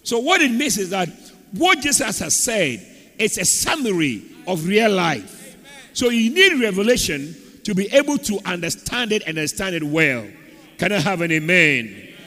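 Pastor preaching in an echoey hall. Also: male voice, high-pitched, sing-song, moderate pace, sharp tone. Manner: preaching, calls for amens from the congregation. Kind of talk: sermon. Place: church.

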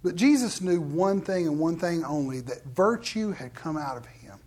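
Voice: mid-range voice, lively intonation, moderate pace, a little mellow, husky. A preacher delivering a casual, candid sermon to a live congregation, acting out the people in the Bible story in quoted voices. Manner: conversational, acts out Bible scenes in quoted voices; candid, addresses the crowd directly.

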